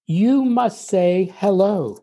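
An older American man, a guest in a relaxed interview, speaks in a warm, mellow voice that isn't bright, and it sits high with a creaky edge. He explains things at a measured pace, telling stories conversationally and using little anecdotes to make his point.

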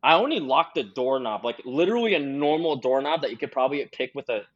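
A young man in his twenties, a podcast guest, telling a long story in loose, rambling chat full of fillers. His voice sits at an ordinary middle pitch. The recording sounds slightly dull and lo-fi. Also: lively intonation, fast. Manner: rambling, heavy on "like".

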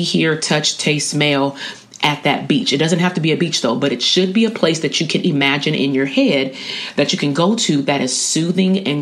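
This educator, speaking at medium pitch, teaches coping skills informally at a college. Their talk is slangy and chatty, with frequent check-ins to make sure the listener is following.

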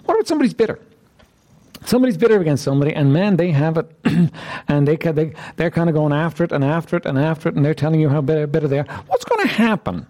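Questioning preacher, animated dark voice. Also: male voice, fairly high pitch. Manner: questioning the audience, emphatic. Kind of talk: interactive sermon.

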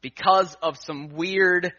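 A man preaching a sermon, telling a personal story and acting out his own thoughts, swinging between hushed asides and emphatic lines. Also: high-pitched, fairly even intonation, slow pace. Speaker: pastor. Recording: dull lo-fi sound.

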